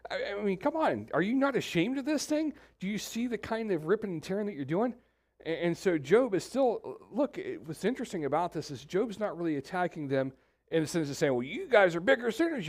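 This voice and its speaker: A middle-aged man, preaching a sermon in a church in a lively, conversational way and talking straight to the congregation. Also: on the high side. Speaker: pastor. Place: church sanctuary.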